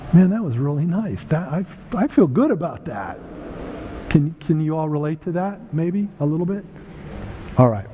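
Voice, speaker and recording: High-voiced man preaching in a reverberant church. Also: a little hiss or hum. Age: middle-aged. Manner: conversational and animated, acting out quoted voices. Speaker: guest speaker. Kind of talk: church talk to a congregation. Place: church sanctuary. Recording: phone-like, thin sound with long hall reverb.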